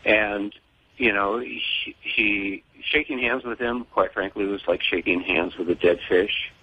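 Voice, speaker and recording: An older man speaking as an interview guest, in a measured, deliberate way with pauses and fillers. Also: on the low side, fairly even intonation, breathy edge, dull audio. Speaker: guest, father of a fallen serviceman.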